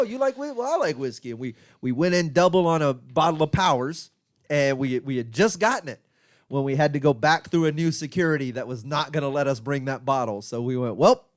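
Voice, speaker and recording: A man's voice: mid-range voice, fairly quick. A man with a mid-range voice tells long, winding stories on a podcast, peppered with swearing. The sound is dry and close, with no room echo. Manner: profane, rambling storyteller. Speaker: podcast co-host, comedian. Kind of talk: casual chat, storytelling. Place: podcast studio.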